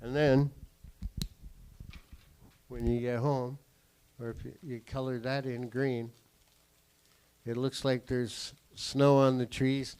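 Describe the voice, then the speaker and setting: A man doing stand-up comedy and a drawing lesson on a theatre stage, swearing freely, acting out his family and swinging from quiet asides to sudden shouts. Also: mid-range voice, clean tone, low-quality recording. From Canada. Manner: acts out family members in quick voices. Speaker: comedian and cartoonist. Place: theatre stage with a live audience.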